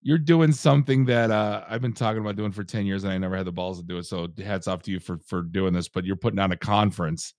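A man's voice: low-pitched, quick pace, few pauses, darkish tone, no room sound, clean studio sound. A middle-aged man hosting a podcast, rambling and joking with plenty of fillers. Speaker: podcast host. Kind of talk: casual podcast chat.

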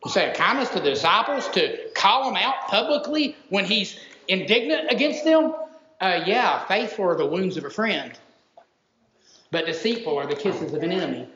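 Male pastor, high voice, emphatic preaching, roomy dull lo-fi church recording. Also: animated, normal speed, bright, forceful tone, slight background noise. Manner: emphatic, repeats words for stress. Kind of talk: sermon. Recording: roomy echo, dull lo-fi sound.

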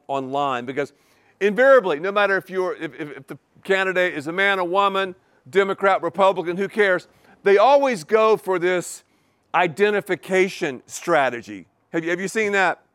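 Preacher guy w a high swooping voice, keeps repeating words, dry close sound. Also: moderate pace, smooth, no echo. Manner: animated, repetitive emphatic preaching with rhetorical questions. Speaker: pastor. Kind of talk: sermon.

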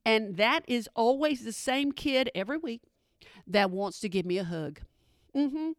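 A woman's voice: fairly high pitch, animated, unhurried, dry recording. A woman doing stand-up comedy, sassy, with dry asides. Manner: sassy, dry asides, drops into mimicked voices.

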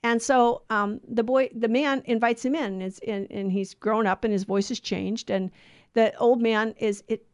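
A woman telling a moral story in a casual, animated way, acting out the characters' lines. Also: on the high side, moderate pace, clean tone, no room sound, muffled recording. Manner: animated, acts out the lines, many restarts.

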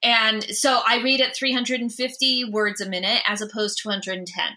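Bright-voiced woman who stutters. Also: a little high, moderate pace, slight background noise. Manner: stutters with repeated sounds, animated. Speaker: guest. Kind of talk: interview conversation.

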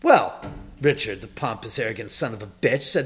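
A man's voice: medium pitch, animated, fairly quick. A man telling a casual, profane anecdote with lots of animation. He restarts and repeats himself often. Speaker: storyteller.

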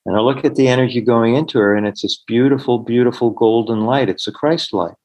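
A man's voice: medium pitch, fairly quick, darkish tone, low-quality recording. Earnest middle-aged male storyteller. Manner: earnest storyteller, acts out quoted voices. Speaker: healer, podcast guest. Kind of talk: storytelling in an interview.

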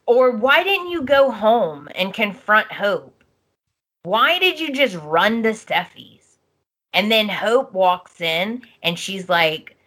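A woman's voice: mid-range voice, sing-song, fairly bright tone. A young adult woman co-hosting a podcast, chatting casually and acting out lines as she recaps. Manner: slow, chatty, acts out lines in changing voices. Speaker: podcast co-host. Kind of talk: casual chat recapping a soap opera.

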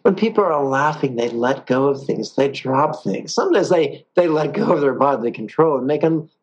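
A man teaching a guided meditation lesson, calm and playful, with drawn-out pauses. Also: fairly high pitch, dull audio, a little hiss or hum.

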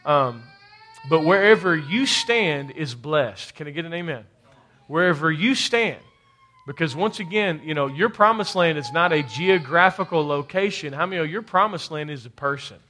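High-voiced preaching man. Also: expressive, normal speed, bright, forceful tone. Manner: call-and-response preaching, rising to emphatic bursts; repeats words while building a point. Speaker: pastor. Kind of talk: sermon.

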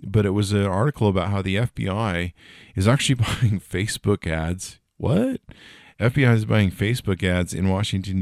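A middle-aged podcast host chats casually about tech news, rambling into jokey asides and using lots of fillers. He has a deep voice, captured with clean studio sound and no room sound.

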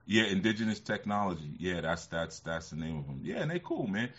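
A man's voice: low-pitched, big pitch swings, fairly quick, breathy edge. A man hosting a casual livestream who rambles, laughs often and uses a lot of fillers. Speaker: livestream host. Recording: slightly muffled lo-fi sound.

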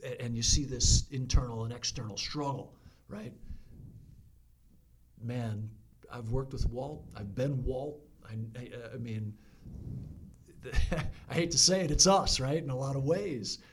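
A man with a mid-pitched voice speaks reflectively as a podcast guest, often restarting his sentences. Faint background noise sits under his voice. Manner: reflective, halting, with many restarts. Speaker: fire chief guest. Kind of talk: casual podcast conversation.

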